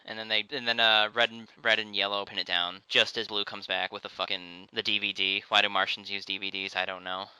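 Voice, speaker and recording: A man's voice: fairly low pitch, fairly even intonation, quick pace, few pauses, sharp tone, clear, resonant tone, dry recording, rough recording. A young man co-hosting a podcast, casually reviewing a cartoon with sarcastic, profane jabs and mocking quotes. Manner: sarcastic, swears freely, mocks with put-on quotes. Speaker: podcast co-host.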